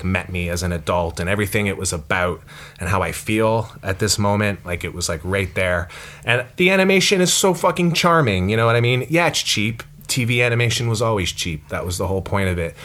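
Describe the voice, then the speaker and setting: Deep-voiced, rambling man. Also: a bit bright. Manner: rambling, lots of "like", swears. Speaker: podcast co-host. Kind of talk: casual chat.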